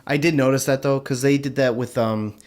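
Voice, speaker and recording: A young man co-hosting a podcast in casual chat, relaxed, swearing casually and laughing. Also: medium pitch, a little fast. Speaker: podcast co-host.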